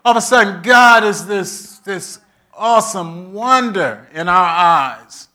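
A man preaching a sermon, with funny asides that drop to a soft voice and swing back to loud, lively preaching. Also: sits high, slow pace. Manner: animated, humorous preaching with sudden soft asides. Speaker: pastor.

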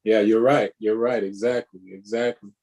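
A man's voice: lowish voice, fairly even intonation, moderate pace, warm tone. A man who is a pastor, leading a conversational Bible study, asking emphatic questions and repeating words.

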